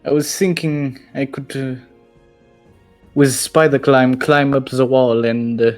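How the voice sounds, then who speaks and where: A man's voice: medium pitch, level tone, unhurried, soft background music. Man player planning eagerly. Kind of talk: casual chat in a tabletop game.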